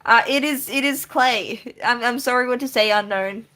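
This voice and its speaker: A woman's voice: fairly high pitch, moderate pace, bright, forceful tone, faint music behind. A woman casually chatting on a live stream while she draws, giggling often and answering viewers with lots of restarts. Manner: giggly, chatty, reads chat aloud and answers with many restarts.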